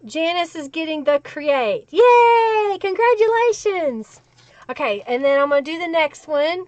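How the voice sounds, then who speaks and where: High-voiced woman hosting a live stream. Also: normal speed, no room sound. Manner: chatty and upbeat, thanking viewers one by one. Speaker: craft live-stream host. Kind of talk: casual live-stream chat. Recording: dull lo-fi dry sound.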